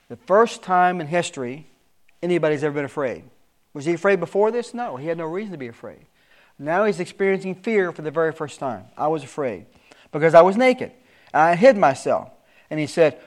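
A middle-aged man preaching a sermon with emphatic rises and sudden soft asides. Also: a little high.

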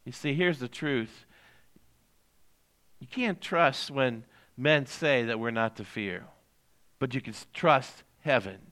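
A man's voice: medium pitch, slow, long pauses, fairly bright tone. An older man, a pastor giving a conversational sermon, repeating key lines and putting questions to his congregation.

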